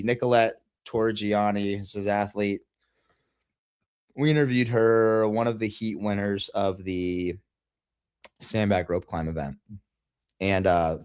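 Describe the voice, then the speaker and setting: A man's voice: fairly low pitch, smooth, no room sound, studio quality. A man hosting a podcast, telling crude stories in casual chat and laughing at his own jokes. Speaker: podcast host.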